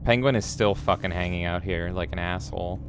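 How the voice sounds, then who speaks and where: A man with a fairly low voice hosts a casual live stream of a game, joking, cursing freely and reacting to chat. Faint music plays behind him from the game. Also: fairly quick. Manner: playful, profane, reads chat aloud.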